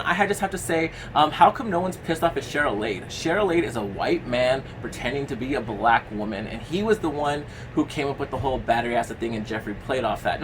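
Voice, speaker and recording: A man's voice: mid-range voice, background noise. A young man talking in a casual commentary vlog, rambling with lots of fillers, blunt and given to swearing. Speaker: commentary vlogger.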